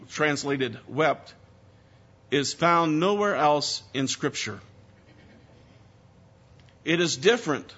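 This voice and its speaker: A male pastor delivers a sermon with a high, bright voice. His preaching is measured, and he often drops soft and low. The recording sounds dull and lo-fi.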